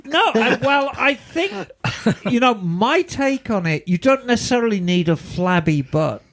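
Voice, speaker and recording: A woman's voice: fairly high pitch, expressive, a little slow, a little hiss or hum. Playful, giggly woman co-host. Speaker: podcast co-host. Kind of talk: casual chat.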